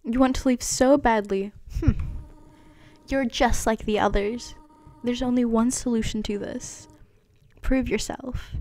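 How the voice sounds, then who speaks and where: A woman's voice: a little high, a little slow, a little mellow. A woman reading a stern, motherly goat monster queen from a video game aloud, in a Valley Girl voice.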